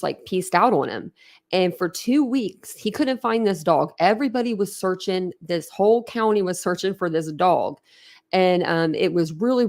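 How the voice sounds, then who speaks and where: Gravelly-voiced woman chatting on a livestream. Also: medium pitch, darkish tone. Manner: chatty and emotional, laughs often, trails off and restarts. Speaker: host of a true crime channel. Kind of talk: casual livestream chat, reacting to viewer comments.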